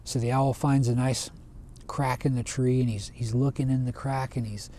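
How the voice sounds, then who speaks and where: A man retelling a traditional folk tale in a relaxed, conversational way, often restarting his phrases. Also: medium pitch, moderate pace. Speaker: storyteller. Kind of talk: casual oral storytelling.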